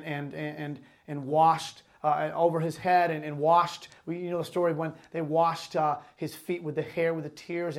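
High-voiced male pastor preaching. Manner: reads scripture aloud, then explains it in casual, animated talk. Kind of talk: sermon.

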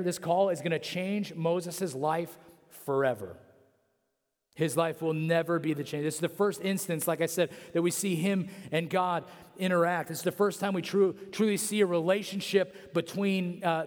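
A high-voiced man preaches in an easy, chatty way, leaning on fillers and repeating himself. His words hang in a long reverb from a big hall. The delivery is relaxed and conversational. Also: normal speed. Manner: conversational, heavy on fillers like 'like'. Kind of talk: casual sermon.

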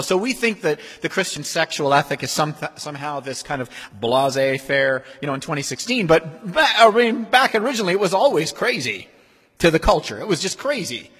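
A man preaching a sermon as pastor, in a conversational, animated way. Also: on the high side, slightly rough. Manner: conversational, animated, acts out quoted voices. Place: church sanctuary. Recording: long hall reverb.

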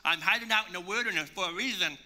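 A preacher voicing Moses, casual and modern. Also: male voice, sits high, fast, sharp tone. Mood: reluctant. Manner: casual modern paraphrase, conversational. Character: Moses, a man pleading and excited by turns.

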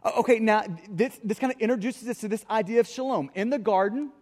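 A man's voice: sits high, fast, darkish tone, big-room sound. A man preaching a sermon as pastor, earnest, often repeating the first word of a phrase. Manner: earnest, repeats words when starting phrases. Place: church hall.

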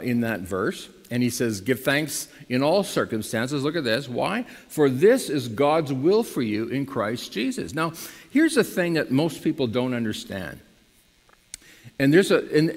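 A man preaching a sermon to his congregation in lively style, now and then rising to loud emphatic bursts. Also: medium pitch, long reverb tail. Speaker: pastor.

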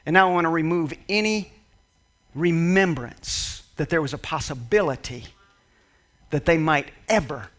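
Sly gloating male devil, high-pitched and taunting, voiced by a male preacher. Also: normal speed, a bit bright, natural voice. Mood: scheming.

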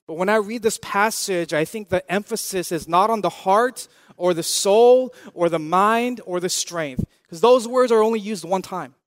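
A man in his thirties delivers a sermon with a notably high, light voice for a man. He talks in an earnest, conversational way, circling back to repeated phrases and posing questions to his listeners. The sound is dry and close, with no room echo. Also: normal speed, hardly any pauses. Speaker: pastor.

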